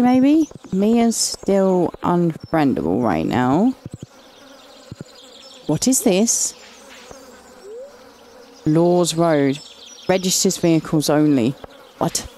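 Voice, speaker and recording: A woman's voice: lowish voice, big pitch swings, slow pace, long pauses, mellow, a little hiss or hum. An English woman giving casual, chatty commentary while playing and reading game dialogue aloud, affectionately calling characters "lovely". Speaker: gaming channel host.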